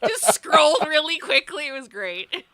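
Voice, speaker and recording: A woman chatting on a group livestream, quick and teasing, laughing a lot. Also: sits high, sing-song, sharp tone, dry recording. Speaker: streamer. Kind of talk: casual group chat on a livestream.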